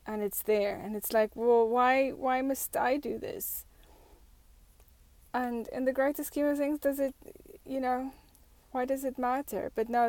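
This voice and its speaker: A fairly high-voiced woman vlogger muses out loud in an unhurried, reflective monologue. She talks slowly, full of "like" and "you know," and often restarts her sentences. The sound is dry and close, with no room echo. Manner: thoughtful, many fillers and restarts.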